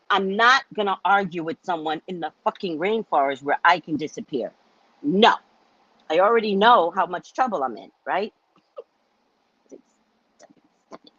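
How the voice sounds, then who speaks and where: A woman hosting a psychic live stream, telling a casual, chatty story in an animated way with frequent laughs and repeated words. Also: medium pitch, no room sound, lo-fi sound.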